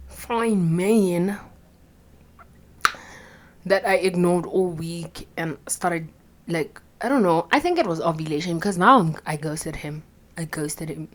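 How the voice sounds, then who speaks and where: A young woman, telling a candid personal story with plenty of swearing and quiet whispered asides. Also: on the low side, slight background noise. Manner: blunt and profane, drops into whispered asides. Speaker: vlogger.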